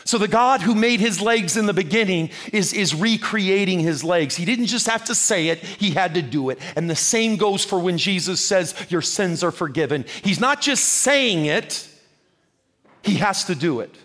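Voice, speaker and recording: A man's voice: sits high, animated, moderate pace, a bit bright. A man preaching a sermon with fervent, rhythmic delivery, addressing his listeners as friends.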